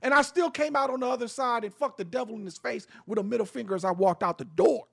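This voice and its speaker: A man's voice: very high voice, fast, creaky. A man hosting an opinionated talk show, speaking bluntly and emphatically with frequent swearing, often restarting and repeating words as he builds his point.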